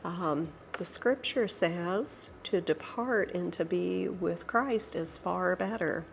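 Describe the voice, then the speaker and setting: A middle-aged Southern American woman talks slowly and gently, her slightly low voice gravelly and stuffed up with a cold. Her devout, unhurried chat carries a faint hiss behind it. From Georgia, USA. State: has a cold, nasal voice. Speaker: channel host. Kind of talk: casual tea-time Bible study chat.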